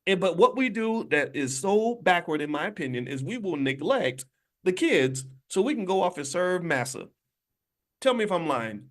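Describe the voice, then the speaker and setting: A man's voice: sits high, sing-song, moderate pace, a bit bright. A man hosting a livestream from a hotel room on his phone, talking emphatically and preachily straight to his viewers. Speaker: financial commentator and channel host.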